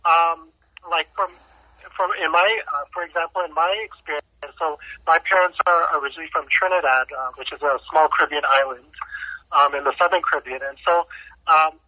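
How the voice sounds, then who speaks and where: A man's voice: fairly high pitch, fairly even intonation, brisk. A young Canadian man with a Canadian accent, talking as a guest in a casual discussion, hesitant and full of ums and likes. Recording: tinny phone-like call audio.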